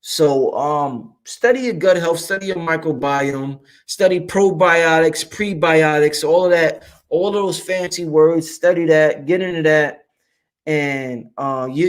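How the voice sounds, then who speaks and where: A man from Brooklyn, New York hosting a casual livestream, talking loosely and profanely while reading and answering viewer chat. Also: a little high. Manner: animated, profane, streetwise, addresses viewers directly.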